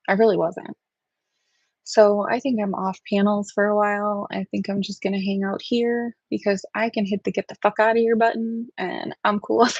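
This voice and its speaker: Talking to her chat from home through a webcam livestream setup, this host has a mid-range, darkish, breathy voice. Her dry, dull lo-fi stream audio carries no room sound, and she rambles, comes across as sensitive, and swears freely.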